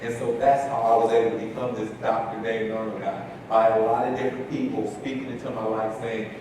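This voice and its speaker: A man's voice: on the low side, fast. Male keynote speaker, inspirational storyteller, emphatic repeats, captured from afar in a very reverberant hall. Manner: animated, repeats key phrases for emphasis. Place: large conference hall. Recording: echoey hall from far off, noisy.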